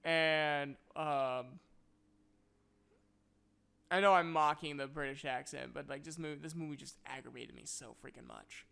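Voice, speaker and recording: A man with a smooth, crisp voice gives a casual review that keeps sliding into exasperated ranting. He circles back on himself and fills the gaps with "like". His tone is bright and slightly high. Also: a little fast, few pauses. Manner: exasperated, scattered, heavy use of "like". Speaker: movie reviewer.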